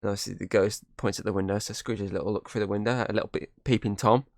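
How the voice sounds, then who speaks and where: Male podcast host, low-ish voice, dry close sound, rambling film recap with quick character impressions. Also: fairly even intonation, no room sound. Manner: rambling retelling with quoted character lines. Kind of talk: casual movie recap.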